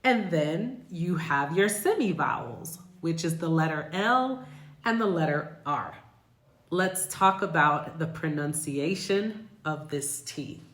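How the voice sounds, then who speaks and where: A woman's voice: deep voice, lively intonation, takes it slowly, a bit bright, echoey room. An American woman teaching English pronunciation, speaking carefully and repeating example words. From United States. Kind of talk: pronunciation lesson.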